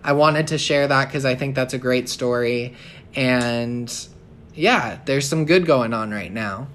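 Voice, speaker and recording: A man's voice: medium pitch, unhurried, slight background noise. Easygoing young male podcast host. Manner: easygoing, trailing off into soft mumbles. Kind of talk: casual podcast chat.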